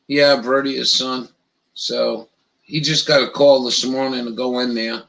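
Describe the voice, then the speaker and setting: A man hosting a casual live stream, rambling in a profane, halting way with lots of restarts. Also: medium pitch, gravelly, a bit bright, rough recording.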